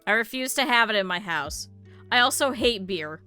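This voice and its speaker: A woman streamer chatting casually to her live chat, blunt and swearing freely, with lively quoted asides. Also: mid-range voice, moderate pace, clear, resonant tone, faint music behind.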